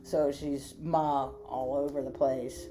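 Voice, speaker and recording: A woman's voice: on the low side, expressive, moderate pace, warm tone, slight background noise. A woman from western Pennsylvania, co-hosting a podcast and telling a rambling, profane story in casual chat. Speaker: podcast co-host.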